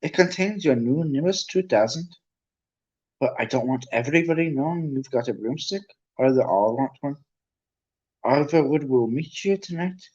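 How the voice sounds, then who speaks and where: A man's voice: medium pitch, a little mellow, husky, muffled recording, natural voice. A man doing McGonagall, a stern older female professor.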